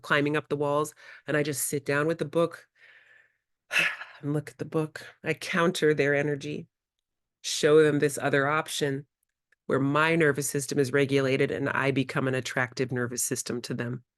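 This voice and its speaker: A woman presenting a workshop to educators, animated and acting out conversations with children. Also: low-pitched, no room sound, studio quality. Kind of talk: workshop lecture. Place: in-person workshop.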